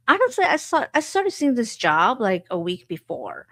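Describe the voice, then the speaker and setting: A woman's voice: on the high side, sing-song, measured pace, hardly any pauses, a bit bright, no room sound, clean studio sound. A woman hosting a podcast, candidly telling her own story in an emotional, frank way full of fillers and repeats.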